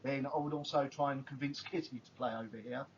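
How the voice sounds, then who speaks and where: A man's voice: steady tone, a little fast. A man hosting a casual podcast, wry and teasing, often laughing. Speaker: podcast host. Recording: dull lo-fi audio with faint rumble.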